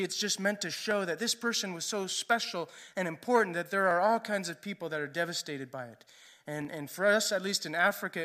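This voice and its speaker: Brief: a higher-pitched man preaching, chatty storytelling sermon. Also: bright, forceful tone. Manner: conversational storytelling, often asks "right?".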